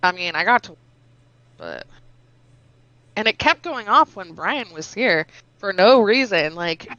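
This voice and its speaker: A woman telling animated stories in casual chat with friends, swearing and laughing as she goes. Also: mid-range voice, a little slow, no echo, lo-fi sound. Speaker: storyteller among friends.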